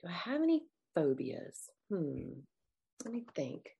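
A woman guest on a podcast, chatting casually and telling animated stories with lively asides. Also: on the low side, unhurried, vocal fry, slightly rough, dull audio. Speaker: guest author.

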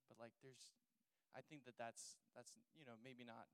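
A young man speaks off the cuff on a panel, stacking fillers and restarting his thoughts. His voice is smooth and clear, recorded dry and up close. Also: medium pitch, steady tone, moderate pace, dry recording, rough recording. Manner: rambling, many fillers like "like" and "you know". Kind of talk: casual chat on faith and dating.

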